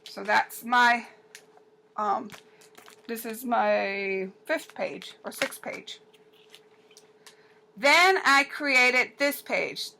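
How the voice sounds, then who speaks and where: A woman walking viewers through her handmade gift album in a chatty, halting way, with many ums and restarts. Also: fairly high pitch, creaky, bright, forceful tone, slight background noise, rough recording. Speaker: paper crafter showing an album. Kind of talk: casual show-and-tell crafting video.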